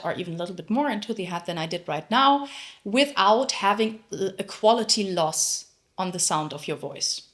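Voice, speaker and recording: A woman's voice: medium pitch, a bit bright. A woman teaching a singing lesson, explaining technique and breaking into sung demonstrations. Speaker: vocal coach.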